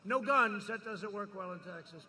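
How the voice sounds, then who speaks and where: A man's voice: sits high, normal speed, sharp tone. A man giving a campaign rally speech, boastful and repetitive, rousing the crowd. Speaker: politician speaking at a campaign rally.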